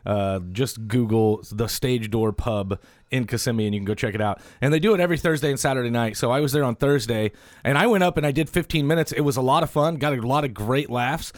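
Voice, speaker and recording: A man hosting a casual podcast, a stand-up comic who rambles with fillers, laughs often and gets excitable. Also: mid-range voice, fast, no echo, studio quality. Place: indoor podcast room. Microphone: studio mic, also on camera.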